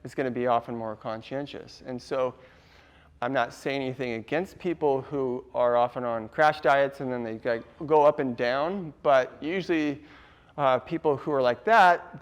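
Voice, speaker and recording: A man's voice: mid-range voice, moderate pace, clean tone. A man presenting a casual workshop to a live audience, laughing often and quizzing the room.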